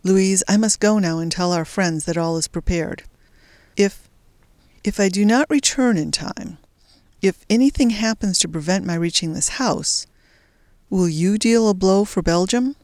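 A woman's voice: mid-range voice, measured pace, darkish tone, no echo, clean studio sound, close to an everyday voice. A woman voicing an earnest young male resistance fighter who speaks with urgency. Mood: urgent.

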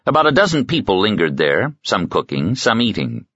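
A man narrating a science fiction novel as an audiobook, measured and expressive. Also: lowish voice, dry recording. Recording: slightly muffled dry audiobook recording.

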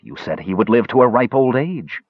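A man reading the part of a defiant, frightened young woman in an audiobook, raising his pitch for her, on a dull, dry, lo-fi recording. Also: sing-song, moderate pace, breathy edge, no echo. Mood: indignant.

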